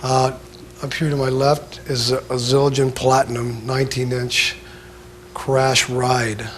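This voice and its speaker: A man giving a casual drum lesson, talking in a laid-back, halting way full of filler sounds. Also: mid-range voice, little pitch movement, a little hiss or hum. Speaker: drum instructor. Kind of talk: casual instructional talk.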